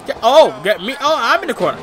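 A young man giving casual, rowdy commentary while playing a wrestling video game, swearing and shouting at the action. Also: extremely high pitch, very animated, fast, a crowd in the background. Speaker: gaming YouTuber. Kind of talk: casual let's-play commentary.

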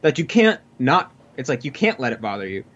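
A man talking casually in an interview about learning a language, quick and full of fillers and restarts. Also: medium pitch, sing-song, fairly bright tone. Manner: fast, filler-heavy, restarts often. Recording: dull lo-fi audio.

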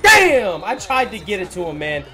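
Young guy doing lets play commentary, super high bright voice, swears a lot, yells at the game, music going behind. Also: brisk. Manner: excitable, swearing, yelling at the game. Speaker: gaming commentator.

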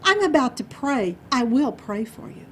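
A woman's voice: high voice, big pitch swings, normal speed, a little hiss or hum. A woman voicing a pious, unhelpful farm pig in a told story, speaking with polite apology. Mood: apologetic.

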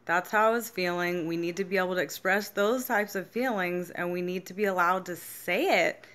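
A woman's voice: fairly low pitch, moderate pace, a bit bright. A young adult woman vlogging candidly about feelings, swearing freely and acting out what people said to her. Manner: frank, swears freely, acts out quoted reactions. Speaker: self-help vlogger. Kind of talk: casual candid monologue.

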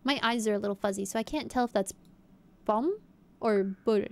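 A woman's voice: medium pitch, normal speed. A young woman streamer chatting casually and playfully, guessing aloud and talking to her viewers. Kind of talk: casual live-stream chat.

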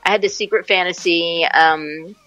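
A woman in her forties, an actress and musician, telling stories in a casual interview, animated and laughing often. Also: fairly low pitch, normal speed, soft background music, low-quality recording. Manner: animated storyteller, laughs often, acts out quotes.

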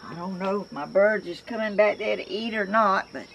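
A woman's voice: mid-range voice, a little fast, gravelly, fairly bright tone, muffled recording, a little hiss or hum. An older woman with a Southern accent, chatting to camera in a rambling, homey way as a crafts vlogger, often restarting her sentences, outdoors at home. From Georgia, US. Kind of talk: casual chat to camera.

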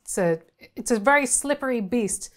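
A woman's voice: on the high side, animated, moderate pace, a bit bright. A woman moderating a panel, asking curious questions. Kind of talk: panel discussion.

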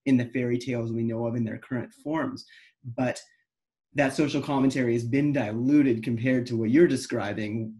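A man's voice: medium pitch, steady tone, normal speed, mellow. Reflective male podcast host. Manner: reflective, thinks aloud in long sentences. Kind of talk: conversational interview.

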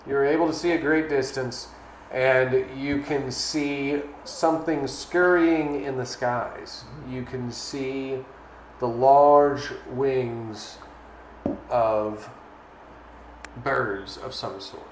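A man narrating a tabletop game as its game master, describing scenes at a measured pace and calling for rolls. His voice sits at an ordinary middle pitch. The recording is echoey, with a faint hiss underneath. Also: fairly even intonation. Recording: echoey room, faint noise.

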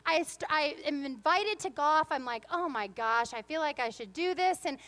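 A woman's voice: high-pitched, animated, moderate pace, a bit bright. A woman pastor giving a sermon in a church, moving between earnest reflection and playful, humorous storytelling. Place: church sanctuary.

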